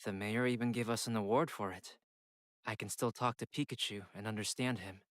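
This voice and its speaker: A man's voice: on the low side, steady tone, fairly quick, no echo, studio quality, close to an everyday voice. A man voicing an earnest young detective in a video game, hopeful and determined.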